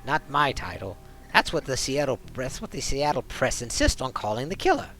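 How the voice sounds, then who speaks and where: A man's voice: medium pitch, sing-song, normal speed, sharp tone, soft background music, voice pushed up, poor audio. A man voicing a chatty, dryly ironic male dwarf coroner in a game. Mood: wry.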